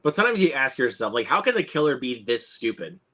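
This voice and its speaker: An excitable man hosts a casual movie watch-along, cursing lightly as he reacts. His voice is bright and forward, and his pitch swings widely. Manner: excitable, swears, quick reactions. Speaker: host.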